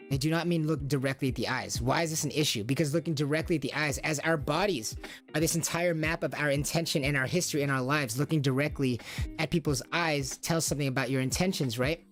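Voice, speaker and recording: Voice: mid-range voice, quick pace, faint music behind. A stream host talking through a casual monologue, asking rhetorical questions and acting out short quoted lines from parents and children.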